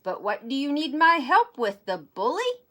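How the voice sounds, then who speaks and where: A woman voicing an excitable young male Siamese kitten who believes he is a chihuahua, bouncy and sing-song with playful mock Spanish flourishes. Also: high-pitched, moderate pace, voice pushed up, heavily acted. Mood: surprised.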